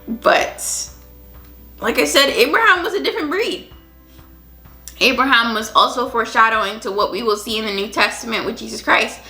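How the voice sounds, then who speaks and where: Bright-voiced woman podcast host. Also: fairly high pitch, moderate pace. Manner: earnest and reflective, with frequent restarts. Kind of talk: Bible reading with personal commentary. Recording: echoey room with faint music.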